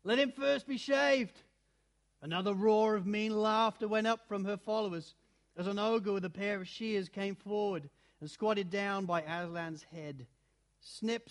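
Male storybook narrator, high-pitched, expressive and dramatic. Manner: expressive, dramatic, shifting between loud and hushed. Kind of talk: storybook reading aloud.

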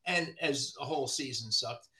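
A man, a body shop owner from the New Jersey area, ranting in casual podcast chat, profane and animated. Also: mid-range voice, normal speed.

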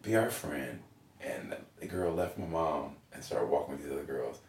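Animated, foul-mouthed man in his forties. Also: very deep voice, a little fast. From Oklahoma, USA. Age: 40s. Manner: animated, swears freely, laughs often. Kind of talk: candid personal storytelling. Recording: roomy echo, mic at a distance.

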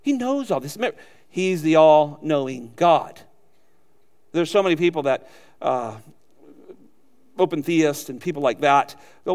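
High-voiced preacher in a reverberant hall. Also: male voice, big pitch swings, normal speed. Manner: folksy, emphatic preaching with ranch stories. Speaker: pastor. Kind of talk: sermon. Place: church sanctuary.

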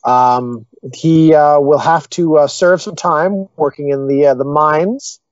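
A man's voice: a little high, slow pace, dry recording, dull audio. A man playing a flustered, stammering prosecutor. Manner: hesitant, full of uhs. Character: flustered late male prosecutor. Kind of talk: improv sketch comedy.

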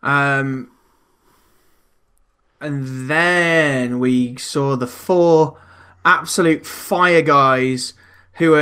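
A man's voice: mid-range voice, bright, forceful tone, clean tone. A young man hosting a casual wrestling podcast, joking and laughing at himself. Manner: laughing, joking, self-mocking. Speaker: podcast host.

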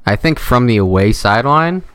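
A man's voice: medium pitch, expressive, moderate pace, a bit bright, no echo, studio quality. A man co-hosting a casual podcast chat, easygoing and asking follow-up questions.

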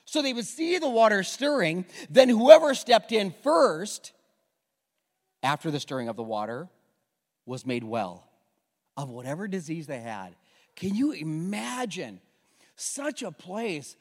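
A middle-aged male pastor preaching an animated, conversational sermon full of rhetorical questions, in a church with long reverb. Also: high-pitched, measured pace. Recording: long reverb of a large hall.

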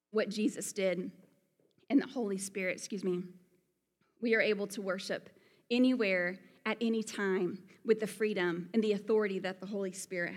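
A woman from Alabama with a Southern accent, preaching a sermon in an earnest, conversational way with folksy asides. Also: medium pitch. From Alabama, USA. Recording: long hall reverb.

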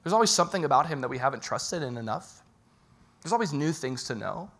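Male pastor preaching, a bit high-pitched, chatty, asks the crowd stuff, gets loud then drops real quiet. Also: sing-song, quick pace. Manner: conversational, asks the audience direct questions; swings from loud emphatic bursts to quiet low lines. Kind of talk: sermon.

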